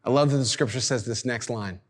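A man's voice: medium pitch, fairly quick. A male preacher giving a sermon in a casual, conversational way, with slang asides. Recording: reverberant hall.

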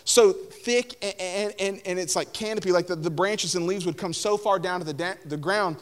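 A man's voice: high-pitched, normal speed. A young man preaching a casual sermon, filling his talk with "like" and acting out the people in the story. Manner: conversational, lots of "like", acts out voices of Bible figures. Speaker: pastor.

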